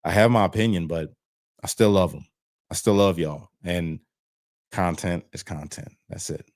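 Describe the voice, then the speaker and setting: A man's voice: low voice, moderate pace, a little mellow. A man on parole, speaking as an interview guest over a video call, telling his story in a frank, plain-spoken way and swearing freely. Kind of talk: candid casual storytelling.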